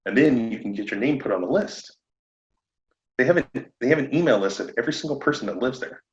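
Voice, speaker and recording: A man talking shop as a podcast guest, animated and laughing often as he acts out conversations. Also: mid-range voice, quick pace. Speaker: podcast guest, roofing contractor. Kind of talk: casual podcast chat. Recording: echoey room, dull lo-fi sound.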